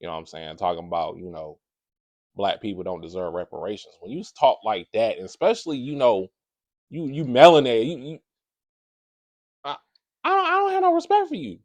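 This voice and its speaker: A man reacts to a clip in a casual, slangy, conversational way, animated as he explains. His voice sits in a dry, close recording. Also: fairly low pitch, fairly quick, long pauses, dry recording. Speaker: commentator.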